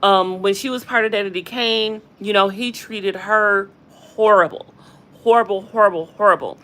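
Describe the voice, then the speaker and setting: A woman hosting a casual gossip livestream from a hospital room, chatty and animated, often addressing her viewers directly. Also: medium pitch, moderate pace. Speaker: gossip channel host.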